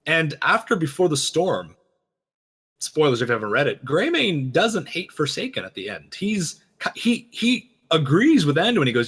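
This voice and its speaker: A man co-hosting a game lore reaction show, talking fast and animatedly, acting out quoted lines. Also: fairly high pitch, sing-song, fairly bright tone, breathy edge. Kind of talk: casual chat, lore analysis.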